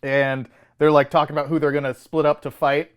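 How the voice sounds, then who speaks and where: A man's voice: on the high side, flat delivery, brisk, clean tone. A man co-hosting a movie review show, mocking the film in casual debate and laughing often.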